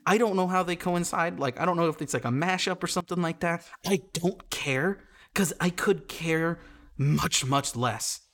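A man's voice: fairly high pitch, moderate pace, fairly bright tone. A young adult man hosting a podcast in a rambling, sarcastic comedic rant with many restarts. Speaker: podcast host.

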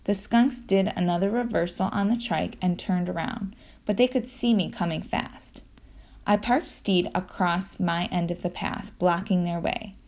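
A woman reading a children's adventure book aloud, telling it lively and acting out the sound effects. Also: fairly low pitch, measured pace. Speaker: audiobook narrator.

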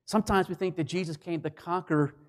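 A man preaching a sermon, swinging between loud declarations and hushed, quiet lines. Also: high voice, fairly even intonation, fairly quick. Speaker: pastor.

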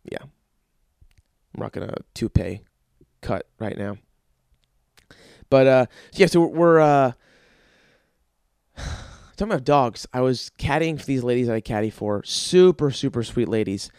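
Profane, rambling young podcast host. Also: male voice, medium pitch, darkish tone, dry recording, clean studio sound. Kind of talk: casual solo podcast rant.

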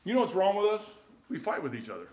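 A middle-aged pastor preaches in a folksy, talk-to-you manner, his voice sitting a bit high for a man. He drifts into quiet asides, then breaks into loud, shouted bursts. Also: huge pitch swings, fast talker. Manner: folksy, conversational preaching with sudden loud outbursts. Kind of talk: sermon.

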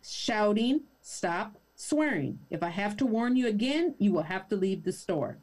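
A woman voicing a calm, firm female store manager. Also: mid-range voice. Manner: firm, measured.

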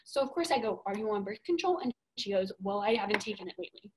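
A young woman co-hosting a podcast, telling a story in a casual, animated way and swearing a lot. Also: mid-range voice, quick pace, noisy background. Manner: animated, profane, emphatic storytelling. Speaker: podcast co-host.

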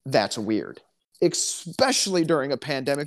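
Speaking at a normal speed in an animated, medium-pitched voice, this man co-hosts a casual podcast. Hailing from Alabama, he tells stories in a chatty, dry, joking style.

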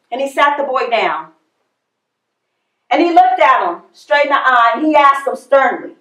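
A woman's voice: high-pitched, fairly bright tone, echoey room, low-quality recording. A woman preaching a sermon, repeating her phrases for emphasis as she leads a prayer and tells a story.

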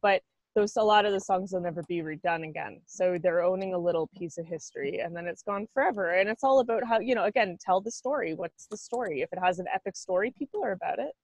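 A woman in her thirties from Canada, a musician guest on a podcast, chatting in an animated way and laughing often. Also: medium pitch, quick pace, dry recording. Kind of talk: casual chat.

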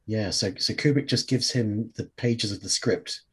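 Husky low-voiced man. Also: moderate pace. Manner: conversational, hesitant restarts, trailing thoughts. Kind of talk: casual film discussion.

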